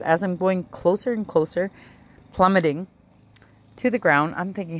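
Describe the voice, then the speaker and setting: A woman's voice: on the low side, normal speed. A woman telling a rambling, emotional personal story in a casual home vlog, often adding "right?" and "like". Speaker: vlogger.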